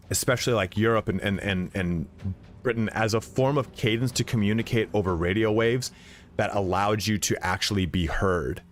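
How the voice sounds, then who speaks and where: A man's voice: lowish voice, a little hiss or hum. A man streaming a game, chatting casually in a rambling way, with lots of swearing, fillers and restarts. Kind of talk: casual chat while playing. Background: faint game music.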